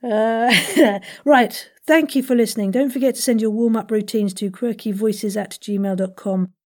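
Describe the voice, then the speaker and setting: A woman who hosts a podcast, leading a playful vocal warm-up lesson with crisp enunciation and frequent whispered asides. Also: on the high side, moderate pace. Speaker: voice acting coach and podcast host.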